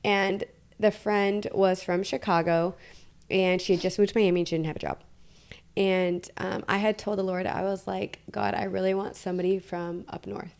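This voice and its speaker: A woman's voice: mid-range voice, flat delivery, moderate pace, gravelly, darkish tone. A woman from Detroit hosting a podcast, telling a personal story in casual conversation and quoting her own inner dialogue with animation. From Detroit, USA. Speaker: podcast host.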